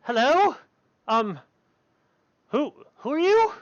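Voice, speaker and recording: A man's voice: big pitch swings, slow, no echo, lo-fi sound, heavily acted. A man voicing a small, eager and polite young girl in a tabletop game. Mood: curious. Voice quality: high girlish voice.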